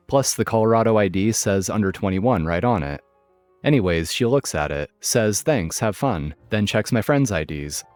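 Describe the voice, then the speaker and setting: A man narrating online stories in a steady, even scripted read, recorded close and dry. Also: on the low side, no echo. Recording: dry close mic with faint music.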